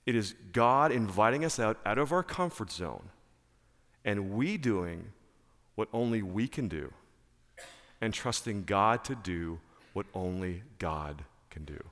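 Animated male preacher in an echoing hall. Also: fairly low pitch, unhurried. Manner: animated, emphatic, repeats key phrases. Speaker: pastor. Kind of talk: sermon. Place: church.

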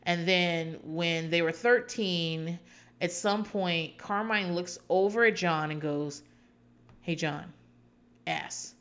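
A woman's voice: fairly low pitch, slow pace, fairly bright tone. A woman hosting a podcast, recapping a reality show in casual, rambling chat with sarcastic asides.

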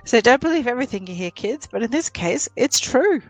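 A woman playing a tabletop game, making quick joking quips. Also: fairly high pitch, animated, no room sound, faint music behind. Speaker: player. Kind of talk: casual tabletop play.

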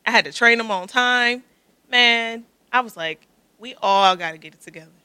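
A woman who works as a teacher, chatting casually and relaxed, often trailing off into quiet asides. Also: on the high side, moderate pace, clean tone. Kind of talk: casual chat.

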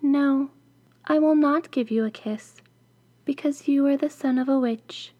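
A woman's voice: high voice, measured pace, warm tone, voice pushed up. A woman voicing a frightened, innocent young girl in a storybook reading, timid yet firm. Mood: wary.

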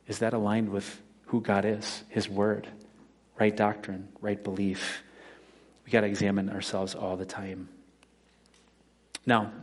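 A man in his forties, a pastor giving a conversational sermon that mixes scripture with personal stories. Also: fairly low pitch. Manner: conversational preaching with personal anecdotes.

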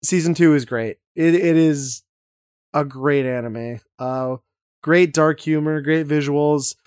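A man's voice: fairly high pitch, takes it slowly, a little mellow, smooth, no echo, studio quality. A man hosting a casual podcast chat, talking enthusiastically and rambling with lots of fillers. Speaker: podcast host.

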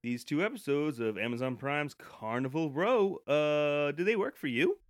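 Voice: mid-range voice, moderate pace, dry recording, studio quality. A podcast host chatting casually in an easygoing way and asking a co-host's opinion. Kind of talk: casual chat.

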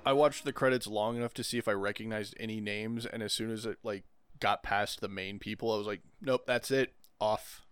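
A man's voice: fairly low pitch, steady tone, brisk, a bit bright, clear, resonant tone, no room sound. A man guesting on a podcast, laid-back and joking in casual chat.

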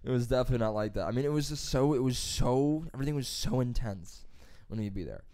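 A young man chatting casually as a podcast co-host, telling animated stories full of swearing. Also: medium pitch, fast talker, dry recording. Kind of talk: casual chat.

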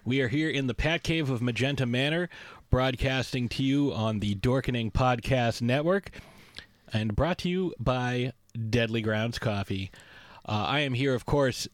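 A man's voice: mid-range voice, measured pace, dry recording. A man hosting a podcast in casual, playful chat that keeps wandering off on tangents. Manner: playful, rambling, prone to tangents. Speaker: podcast host.

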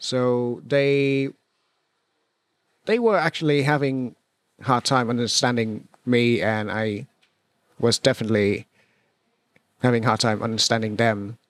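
A Vietnamese man with a Vietnamese accent is a guest in a casual conversation, speaking hesitantly with many pauses and restarts. His pitch is medium and his intonation fairly even, and the recording is dry.

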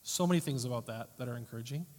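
A man preaching a sermon as pastor, earnest and emphatic, often rising and falling sharply in loudness. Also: mid-range voice, racing. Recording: long hall reverb.

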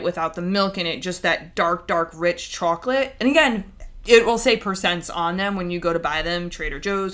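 Lively, bright-voiced woman podcast host. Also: fairly low pitch. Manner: chatty and animated, acts out quoted voices. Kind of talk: casual podcast chat.

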